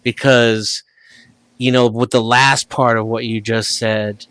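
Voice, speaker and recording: Relaxed man from Missouri chatting. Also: medium pitch, slow pace, no room sound. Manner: relaxed, conversational, hedging with fillers. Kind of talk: casual chat.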